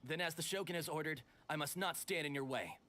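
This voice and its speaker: A man's voice: fairly high pitch, a little fast, pushed and bright, soft background music. An actor playing a dutiful male palace guard in a video game, speaking formally and stiffly.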